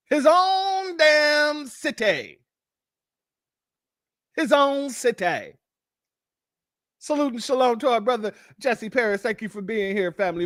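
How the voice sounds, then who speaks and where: An American man hosting a live-stream commentary, sarcastic and animated, calling his viewers family. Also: sits high, no echo, clean studio sound. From United States.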